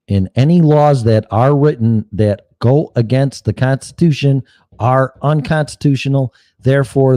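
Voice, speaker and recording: A man rants through a solo political show, blunt and profane, mocking the other side. His pitch swings widely, his tone is mellow and dark, and the sound is dry and close. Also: no echo. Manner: blunt, heated, swears often, mocks opponents in put-on quotes. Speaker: podcast host.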